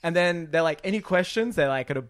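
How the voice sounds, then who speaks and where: A man co-hosting a podcast, in casual chat, retelling a film in an animated, exasperated way with rambling asides. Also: a little high, fast, clear, resonant tone. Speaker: podcast co-host.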